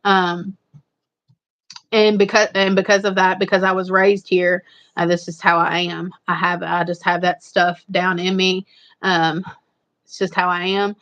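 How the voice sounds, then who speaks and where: A woman's voice: on the low side, flat delivery, unhurried, a bit bright, muffled recording. Chatty Eastern Kentucky Appalachian woman. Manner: rambling, repetitive, chatty. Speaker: livestream host. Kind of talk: casual live chat.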